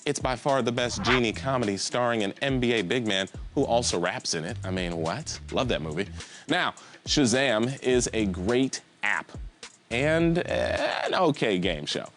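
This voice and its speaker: A man's voice: mid-range voice, unhurried, soft background music. A man hosting a live trivia game show, reading questions and cracking goofy jokes between them. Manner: jokey, animated, goofy asides.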